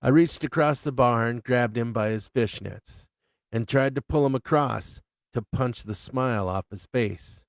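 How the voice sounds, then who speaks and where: A man reading his own novel aloud as an unhurried storyteller with crude humor. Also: mid-range voice, dry recording. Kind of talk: live reading of fiction.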